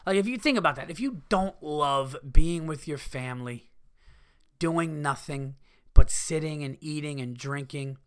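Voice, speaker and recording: A man hosting a casual solo podcast, ranting in a profane, animated way. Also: fairly high pitch, a little slow, clear, resonant tone. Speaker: podcast host.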